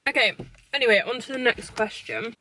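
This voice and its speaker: A woman's voice: on the high side, brisk, pushed and bright. A young woman chats casually to camera from her parked car while eating. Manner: chatty, eating while talking. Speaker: YouTuber.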